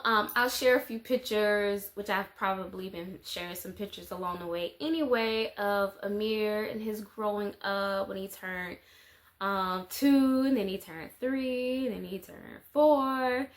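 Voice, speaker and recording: A woman, chatting casually and rambling in a life-update vlog, with lots of fillers. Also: medium pitch. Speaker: mother and vlogger.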